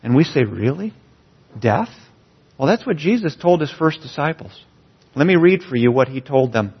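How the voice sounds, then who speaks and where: Husky-voiced man preaching a sermon. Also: on the high side, expressive, a little fast. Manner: earnest, building emphasis on key phrases. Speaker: pastor. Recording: dull, slightly lo-fi sound.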